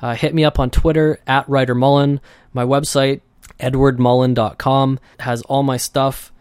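A man's voice: mid-range voice, level tone, normal speed, a little mellow, clean tone, dry recording, clean studio sound. A man hosting his own podcast, talking loosely and conversationally and acting out the voices he quotes. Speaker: podcast host. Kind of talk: casual solo podcast monologue.

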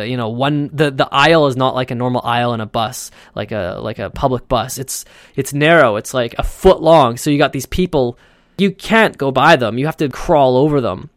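Smooth-voiced man telling a rambling story. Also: medium pitch, normal speed, no room sound, clean studio sound. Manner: chatty, rambling, frequent fillers and restarts. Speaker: podcast host. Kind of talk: casual storytelling monologue.

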